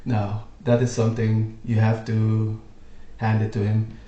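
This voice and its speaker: Slow-talking man explaining history. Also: on the low side, completely flat delivery, dark tone, highs cut off. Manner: rambling, lots of fillers. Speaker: video host. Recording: roomy echo.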